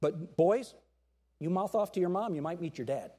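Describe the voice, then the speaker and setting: Middle-aged male pastor, lively sermon delivery, voice sits high and swings widely, acts out quotes. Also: moderate pace, husky. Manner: animated preaching with acted-out quotes and jokes.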